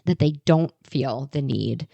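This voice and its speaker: A woman in her thirties with a low, gravelly voice full of vocal fry. She tells frank family stories in a casual podcast chat, recorded dry and close to the mic. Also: measured pace, dark tone, no room sound, muffled recording. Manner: candid, storytelling, affirming. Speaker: podcast co-host.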